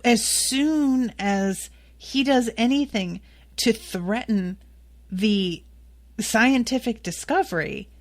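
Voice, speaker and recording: Woman, podcast host, solo recap, slow pace, candid, occasional swearing. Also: a little high. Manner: candid, swears, exasperated asides.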